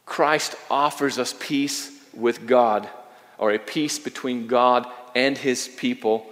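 A man's voice: mid-range voice, fairly even intonation, takes it slowly, fairly bright tone, big-room sound. A man preaching a sermon as a pastor, earnest and emphatic, often repeating his phrases.

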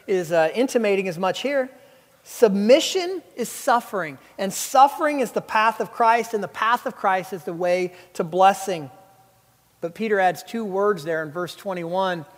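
A man in his thirties delivers a sermon with a high, bright-pitched voice. He mixes humorous stories with emphatic preaching. The sound carries the long reverb of a large hall. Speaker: pastor.

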